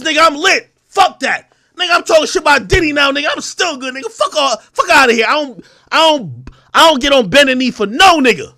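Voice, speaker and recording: High, bright-voiced man ranting hard. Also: animated, brisk. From Jamaica. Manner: profane, aggressive, confrontational, often shouting. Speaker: host. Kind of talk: ranting livestream commentary.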